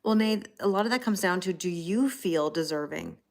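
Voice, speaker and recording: A woman's voice: on the low side, moderate pace, vocal fry. Chatty woman hosting a tarot livestream. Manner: chatty, rambling storyteller with many fillers. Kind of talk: casual chat greeting live viewers.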